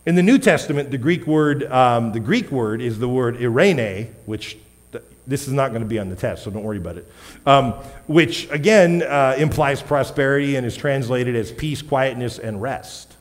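In a church hall with long reverb, a man with a mid-range voice preaches at a moderate pace. The pastor keeps things conversational, questioning his listeners and catching his own slips with a soft laugh.

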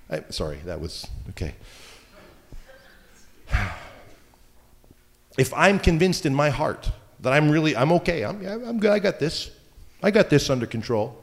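A man's voice: fairly high pitch, sing-song, a little slow, long pauses. A man preaching a sermon as pastor, talking in a conversational way with joking asides. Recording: long hall reverb.

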